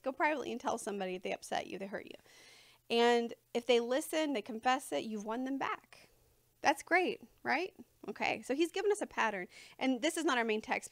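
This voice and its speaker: A woman preacher gives a relaxed, conversational sermon to her church, her voice sitting a little high. She keeps it informal and chatty and laughs between points. The sound is close and dry, with little room echo. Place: church sanctuary before a congregation.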